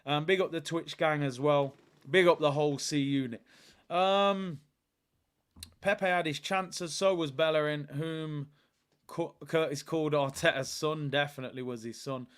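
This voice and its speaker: A man hosts a live football watchalong in a chatty, upbeat way. His voice sits a little higher than most men's. He reads out viewer comments and gives them shout-outs between his match analysis. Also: steady tone, a little slow, smooth.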